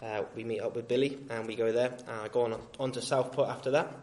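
A male street preacher giving a sermon in a gentle, reasoning tone, with frequent fillers and restarts. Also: mid-range voice, steady tone, fast, a little hiss or hum.

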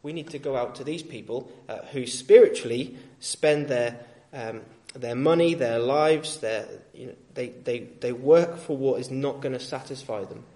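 With a mid-range voice, a man preaches a street sermon at a moderate pace and with few pauses. He reasons gently, though he frequently uses fillers and restarts his phrases.

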